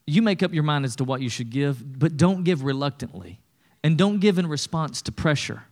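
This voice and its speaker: A middle-aged male pastor preaching a conversational sermon, with lively acted-out asides. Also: a little high, moderate pace.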